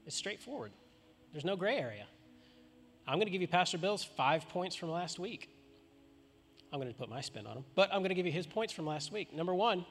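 A man preaching a sermon in a fairly high voice, talking loosely and conversationally and throwing rhetorical questions at the crowd. His voice rings out through a large church hall with a long reverb. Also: animated, fairly quick, fairly bright tone, faint music behind. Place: church auditorium.

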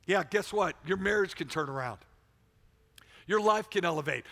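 A middle-aged man preaching a sermon as pastor, swinging between loud exhortation and quiet storytelling. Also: high-pitched, expressive, brisk. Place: church sanctuary. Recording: long reverb of a large hall.

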